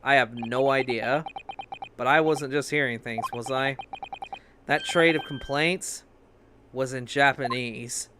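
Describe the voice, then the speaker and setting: A man's voice: fairly even intonation, sharp tone, slight background noise. A man as a wry young lawyer. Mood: dry. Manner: measured, wry, low-key. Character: earnest young Japanese male lawyer, a bit unsure. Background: game music.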